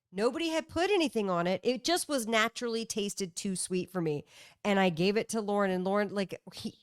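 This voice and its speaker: A woman co-hosting a podcast, chatting in an animated way and acting out what she said. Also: medium pitch, smooth, dry recording, studio quality. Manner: animated, acts out her own remarks in quotes. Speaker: podcast co-host. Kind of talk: casual chat.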